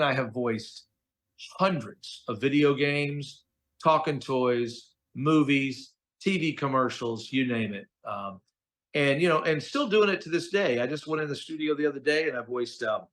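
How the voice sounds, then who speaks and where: A man's voice: mid-range voice, normal speed. Chatty, slangy middle-aged man telling stories. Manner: animated, chatty storyteller, slangy with "dude" and "okay?". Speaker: voice actor guest. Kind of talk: casual interview storytelling.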